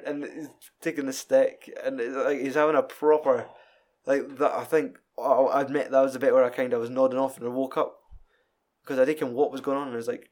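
A young man with a Scottish accent talks casually and animatedly, swearing often and breaking into quick acted-out bits. His voice sits at an ordinary middle pitch. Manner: animated, swears freely, acts out scenes with quick voices and laughter. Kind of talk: casual chat.

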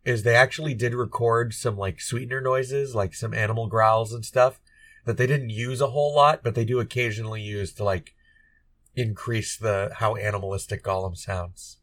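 A podcast co-host with a fairly low, somewhat bright voice talks at a moderate pace with fairly even intonation. His casual chat rambles, full of fillers and laughter.

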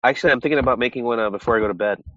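A man co-hosting a casual football podcast while getting over a cold, talking with a slightly nasal, congested voice and a relaxed, joking manner. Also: mid-range voice, racing, no echo, muffled recording. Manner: relaxed, joking, many restarts. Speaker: podcast co-host. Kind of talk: casual chat.

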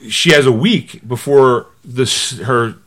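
A man co-hosting a podcast, casually retelling a movie plot in an animated, rambling way and slipping into quoted voices. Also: medium pitch, slow. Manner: loose, rambling with fillers and restarts. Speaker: podcast co-host.

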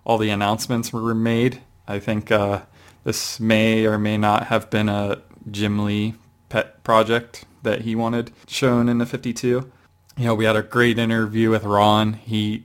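A man co-hosting a podcast, reviewing a comic book in a casual, rambling way with many fillers and restarts. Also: on the low side. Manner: rambling, hesitant with frequent fillers. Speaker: podcast co-host.

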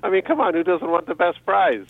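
A man talks through selling tips in an upbeat, chatty way, with a lively voice that swings up and down and sits a little high. His call comes through a dry, tinny phone line. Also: fairly quick, gravelly, slight background noise. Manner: upbeat, animated, laughs often. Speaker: eBay seller guest on radio show. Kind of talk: casual radio chat giving tips.

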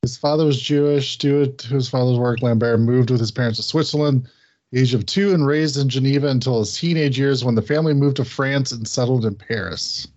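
A man co-hosting a podcast in casual chat, laid-back and hesitant, pausing with fillers. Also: medium pitch, a little mellow, lo-fi sound. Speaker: podcast co-host.

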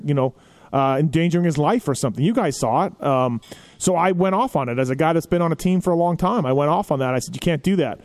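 A man hosting a podcast, telling stories in a casual, animated way with lots of filler phrases. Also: on the high side. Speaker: podcast host.

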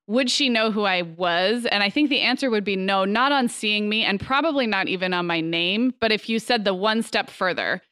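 A woman podcast co-host in casual chat, quick asides and frequent laughs. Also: medium pitch, sharp tone, smooth, no room sound, clean studio sound.

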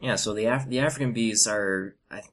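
A man's voice: fairly low pitch, brisk, over a noisy crowd. A man in a casual podcast chat, matter-of-fact, explaining things with small hesitations.

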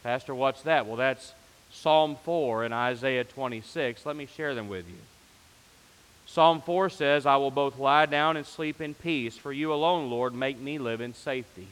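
A man's voice: mid-range voice, measured pace, a bit bright, in a large hall, rough recording. A man pastor preaching a sermon, rising to fervent emphasis on repeated phrases.

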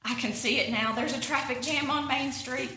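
A woman's voice: high voice, normal speed, bright, forceful tone, voice pushed up. A woman reading aloud from a storybook, voicing an anxious male walrus who frets and spirals into panic. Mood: panicked spiral. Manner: nervous, catastrophizing, rising into panic. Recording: echoey room, voice from a distance.

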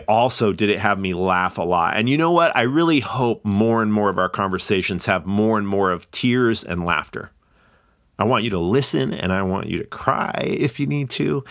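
A man's voice: lowish voice, gravelly, fairly bright tone, dry recording, studio quality. A man hosting a podcast, giving a heartfelt solo introduction in an earnest, openly emotional way, often laughing. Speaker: podcast host.

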